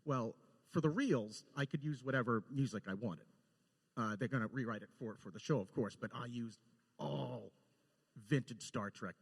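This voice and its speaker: A man, a storyboard director, telling lively anecdotes and acting out the quotes with laughter. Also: medium pitch, normal speed, vocal fry, breathy edge, big-room sound. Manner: animated, laughing, acts out quotes.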